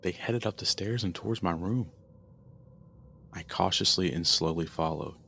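A man narrating a first-person horror story in a steady, earnest storytelling manner. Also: low-pitched, normal speed, gravelly, a little hiss or hum.

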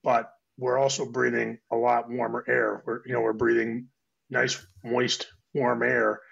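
Hoarse man with a gravelly cold voice. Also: mid-range voice, flat delivery, measured pace, fairly bright tone. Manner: rambling, restarts phrases. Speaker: guest technical diver. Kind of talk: casual round-table chat. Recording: dull lo-fi audio.

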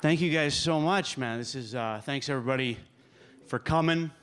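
A man telling dry, deadpan stand-up one-liners on a club stage. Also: mid-range voice, moderate pace, clean tone. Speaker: stand-up comedian. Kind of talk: stand-up comedy set.

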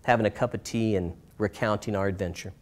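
Middle-aged man telling a story on stage. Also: lowish voice. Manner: expressive, swinging from bright to hushed with dramatic pauses. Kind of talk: live storytelling performance. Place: stage in a small performance space.

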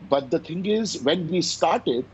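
A man's voice: on the high side, animated, slow, slightly rough. A man with an Indian accent, a chef, telling stories about his dishes in a conversational interview and slipping Hindi into his English. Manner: storytelling, mixes Hindi into English, repeats words. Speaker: chef and restaurateur. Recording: dull lo-fi sound.

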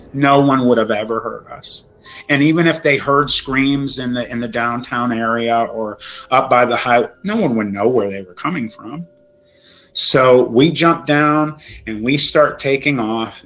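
A man, a guest in an interview, tells a frightening true encounter in an emotional, halting way with many restarts, sounding shaken and close to tears. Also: medium pitch, bright, forceful tone, low-quality recording.

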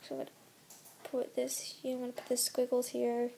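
Casting: higher-pitched woman gamer, mellow tone, rambling running commentary, voice worn and soft. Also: completely flat delivery, a little fast, creaky, a little hiss or hum. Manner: chatty, rambling, thinking aloud while building. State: losing her voice, soft. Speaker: gameplay channel host. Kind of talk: casual gameplay commentary.

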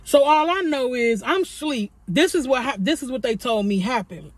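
High-voiced young woman telling a story. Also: normal speed, no echo. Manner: animated storytelling, acts out quotes, swears freely. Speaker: vlogger. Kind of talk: storytime while eating on camera.

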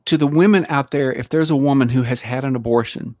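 Brief: male host, mid-pitch, earnest pastoral tone, dry close recording. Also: quick pace, a little mellow, no echo. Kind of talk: faith talk show.

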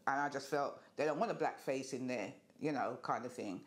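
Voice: medium pitch, fairly quick. An older speaker recalling their experiences in a documentary interview in a hesitant, reflective way. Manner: hesitant and reflective, many fillers.

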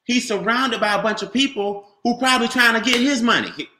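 High, bright-voiced man giving a sales pitch. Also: fairly quick, echoey room, slight background noise. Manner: animated, repetitive, preachy, addresses listeners by name. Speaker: business opportunity presenter. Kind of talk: motivational sales talk.

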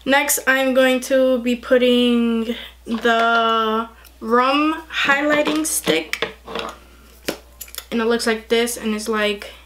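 A young woman chatting excitedly through a casual makeup tutorial, gushing over the products. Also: fairly high pitch. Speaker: beauty vlogger.

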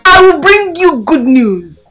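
Giddy young nigerian woman, high squealy voice, drawn-out words, music loud behind. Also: big pitch swings, heavily acted, low-quality recording. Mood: excited. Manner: loud, exclamatory, tearful bursts. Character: excited young woman bringing good news to her mother. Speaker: actress in a film.

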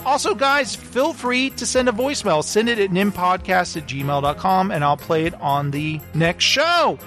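Goofy, joking podcast host, very animated delivery, faint music under. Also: male voice, sits high, normal speed. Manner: goofy, joking, laughs a lot. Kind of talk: casual podcast sign-off.

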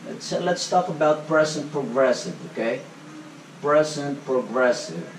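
Male grammar teacher, fairly high voice, slow, keeps checking "okay?", recorded from a distance in a roomy space. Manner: slow, repetitive, ends nearly every phrase with "okay?"; asks the class questions and answers them himself. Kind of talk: classroom grammar lesson. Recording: echoey room, voice from far off, faint background noise.

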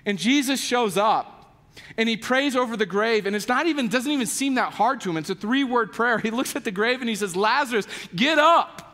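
The sermon comes from a man with a very high voice, speaking a little fast in a church sanctuary with a long reverb tail. He plays the pastor as a casual storyteller, acting out characters with voiced quotes and frequent "like" fillers.

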